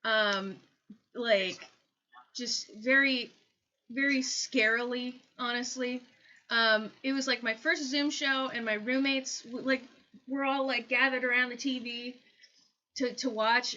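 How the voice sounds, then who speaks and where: Bright, lively woman hosting a video call. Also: on the high side. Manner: rambling, animated storytelling. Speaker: host. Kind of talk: casual comedic chat. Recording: dull lo-fi call audio.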